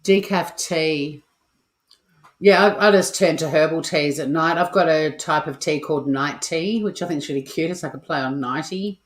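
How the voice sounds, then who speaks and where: Low-voiced Australian woman chatting on a home livestream. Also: normal speed, roomy sound. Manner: chatty, swears freely, playful asides to viewers. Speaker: cooking livestream host. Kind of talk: casual livestream chat. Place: home kitchen. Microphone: home mic.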